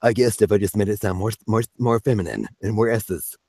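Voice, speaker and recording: A male voice actor hosting a casual live-stream Q&A. He is chatty and joking, answers chat questions quickly and laughs often from his home studio. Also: lowish voice, mellow, slightly rough.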